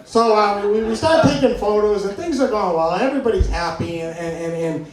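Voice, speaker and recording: High-voiced comedy guy rambling a story, lots of restarts, boomy room from far off. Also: a little fast. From New England. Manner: rambling, full of "like" and restarts, laughing at himself. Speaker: stand-up comedian. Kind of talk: stand-up storytelling. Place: comedy venue stage. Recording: echoey room heard from far off.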